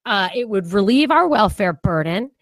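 A woman's voice: mid-range voice, lively intonation, normal speed, a bit bright, dry recording. Woman on a podcast going on about politics, lots of restarts, dry close sound. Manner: rambling, restarts often, laughs easily. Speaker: podcast co-host. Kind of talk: casual political chat.

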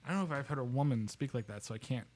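A man co-hosting a podcast in loud, profane, casual banter, laughing often. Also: mid-range voice, racing. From United States. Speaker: podcast co-host.

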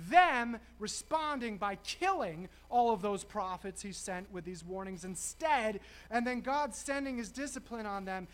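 A man preaching a sermon, emphatic, slowing and stressing key words with dramatic pauses. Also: high voice, fairly bright tone, slight background noise.

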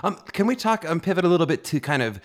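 A man's voice: fairly high pitch, sing-song. A man hosting an interview, agreeing often and asking long questions. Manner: quick, affirming, backchannels often. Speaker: host. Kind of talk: conversational interview.

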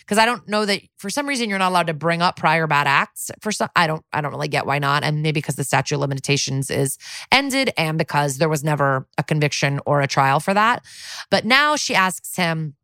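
Animated woman recapping, dry close sound. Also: deep voice, fairly quick, no room sound. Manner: animated, swearing, acts out quotes. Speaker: podcast co-host. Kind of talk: casual recap of a TV episode.

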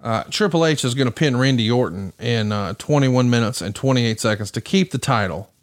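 A man's voice: mid-range voice, lively intonation. Man giving a wry match recap. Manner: brisk, rundown of match results with wry asides. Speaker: podcast host. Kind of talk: casual wrestling recap commentary.

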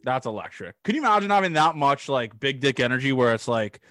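A man's voice: mid-range voice, very animated, fast, a bit bright, dry recording, clean studio sound. A young man from Toronto hosting a casual chat, enthusiastic and prone to big, sweary praise. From Toronto, Canada. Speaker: podcast host.

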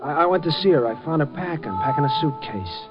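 A man's voice: a little high, lively intonation, fast, lightly acted. A man playing a weary, heartbroken jazz horn player in a 1950s radio drama. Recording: dull old radio recording with music.

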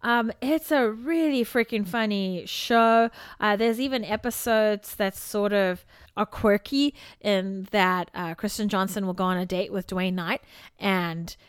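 A woman's voice: medium pitch, a little slow, smooth, no echo, studio quality. A woman co-hosting a podcast, chatting casually and laughing as she retells things. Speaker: podcast co-host. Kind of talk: casual chat.

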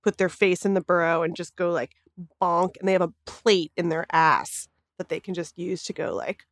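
A woman who is a guest writer on a podcast, talking in a chatty, laughing way with quick asides. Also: fairly low pitch, little pitch movement, no room sound, studio quality. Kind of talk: casual podcast chat.

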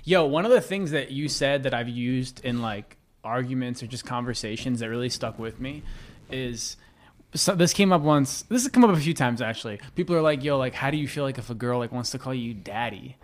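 A young man guest on a podcast, telling rambling stories in a relaxed, casual chat. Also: mid-range voice, fairly quick.

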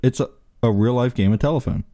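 A man's voice: medium pitch, fast, creaky, warm tone, no echo, clean studio sound. A man co-hosting a casual chat, reading a text aloud and riffing on it, often breaking into laughter. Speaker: co-host reading an entry aloud.

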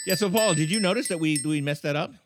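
A man's voice: fairly high pitch, loud music behind the voice. A man co-hosting a comedy podcast, playful and teasing in casual banter. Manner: playful, teasing, dramatic pauses. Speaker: podcast co-host.

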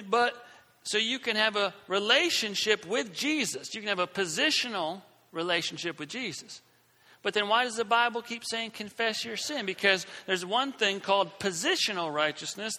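Middle-aged male preacher, lively storyteller, high and very bright, booming hall reverb. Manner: animated, acts out voices in his story. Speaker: Christian speaker. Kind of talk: storytelling sermon.

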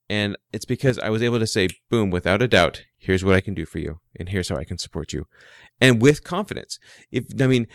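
A man's voice: lowish voice, clean tone, no room sound, clean studio sound. A man who runs a small IT business, casually telling a story and giving advice, chatty and often restarting his words. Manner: chatty, repeats words, acts out quoted dialogue.

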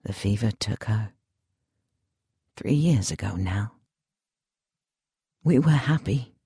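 A man voicing a troubled, bitter English officer who speaks low and subdued. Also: expressive, takes it slowly, vocal fry, dark tone, breathy edge, no echo, studio quality, heavily acted.

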